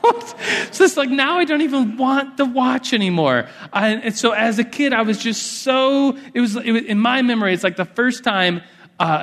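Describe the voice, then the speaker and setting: Young guy preaching, high voice, acts out kid voices, echoey church hall. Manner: animated, acts out childhood voices, restarts often. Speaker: pastor. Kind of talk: sermon with storytelling. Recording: long hall reverb.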